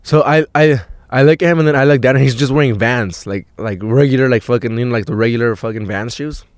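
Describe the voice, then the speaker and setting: A young man hosting a podcast and telling a story in a rambling, profane, excitable way, full of filler words. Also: medium pitch, fast, no echo, clean studio sound. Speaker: podcast host.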